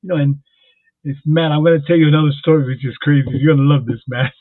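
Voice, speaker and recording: A man from Jersey City telling rambling stories as a podcast guest, repeating words excitedly. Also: fairly high pitch, fast talker, no echo. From Jersey City, New Jersey. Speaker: guest, former boxing champion and police officer. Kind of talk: casual storytelling. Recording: tinny phone-like line, dry.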